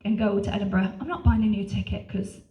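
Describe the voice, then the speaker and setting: A woman's voice: mid-range voice, fairly even intonation, fast, lo-fi sound. A woman performing a stand-up comedy set on a club stage, brash and punchy, swearing freely between bursts of crowd laughter. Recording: roomy live venue, distant, crowd laughter.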